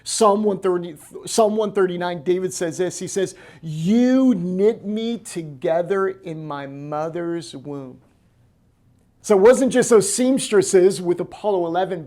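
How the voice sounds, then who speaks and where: An American man in the role of pastor, preaching a lively sermon and acting out quoted voices. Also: sits high.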